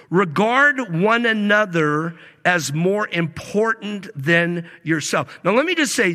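A male pastor delivering a sermon, stretching key words slowly and swinging between loud emphasis and hushed asides. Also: high-pitched. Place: church sanctuary. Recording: long reverb of a large hall.

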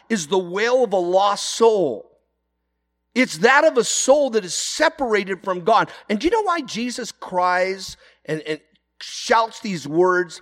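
A man's voice: high-pitched, sing-song, unhurried, a bit bright, long reverb tail. A man preaching an earnest sermon, his voice rising into emphatic cries. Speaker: pastor.

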